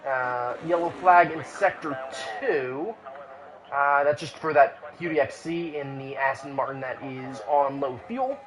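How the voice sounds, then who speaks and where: A man's voice: mid-range voice, measured pace, rough recording. A man giving live commentary on an online sim racing qualifying session, with frequent "uh" fillers and restarts. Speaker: race commentator.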